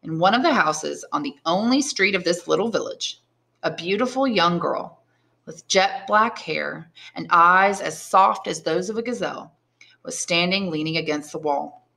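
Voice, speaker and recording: A woman, an English teacher, narrating a novel aloud in a measured, expressive way. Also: lowish voice, gravelly. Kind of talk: audiobook narration.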